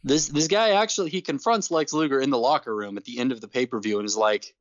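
A man co-hosting a casual podcast, ranting in an animated, exasperated way and laughing between points. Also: mid-range voice, quick pace, no echo, highs cut off. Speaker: podcast co-host. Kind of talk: casual wrestling podcast chat.

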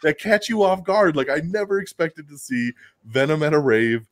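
A man hosting a podcast in a casual chat, animated and full of fillers, chuckling often. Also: a little high, normal speed, dry recording. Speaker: podcast host reviewing a film.

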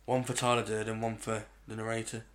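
A man's voice: on the low side, flat delivery, fast. A man co-hosting a podcast, chatting casually with short agreeing replies and musing questions. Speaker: podcast co-host. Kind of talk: casual chat.

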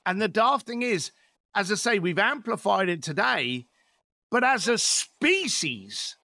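A man's voice: sits high, sing-song, a little slow, vocal fry, pushed and bright, no echo, clean studio sound. A man in his fifties, a podcast guest telling stories in a blunt, swearing, rant-like way. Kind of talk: podcast interview.

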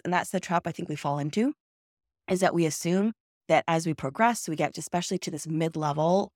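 Woman career coach, low voice, keeps asking "right?", dry close sound. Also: a little mellow, dry recording. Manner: earnest, repeats points, checks in with "okay?" and "right?". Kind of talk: solo coaching talk.

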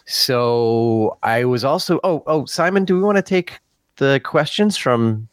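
A man's voice: medium pitch, expressive, a little slow, no echo. A man co-hosting a podcast, casually reading out listener comments with many uhs and little chuckles. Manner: easygoing, chuckling, hesitant with uh and um. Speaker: podcast co-host.

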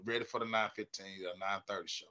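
A man, a stand-up comedian guesting on a podcast, telling profane, animated stories in casual chat. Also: on the low side, fast. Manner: animated, profane, acts out quoted voices loudly.

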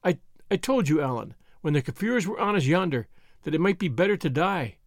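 A man's voice: fairly high pitch, big pitch swings, brisk, no room sound, studio quality. A man reading as a devoted young woman. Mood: tender.

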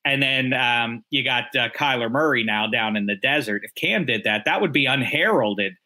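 A man's voice: mid-range voice, moderate pace, pushed and bright. A man co-hosting a sports radio show, chatting casually and rambling with joking asides.

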